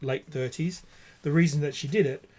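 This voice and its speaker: A man in his forties from Australia with a light, posh Australian accent, chatting casually over drinks as host, halting with many restarts. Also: fairly high pitch, mellow, slight background noise. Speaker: vlog host.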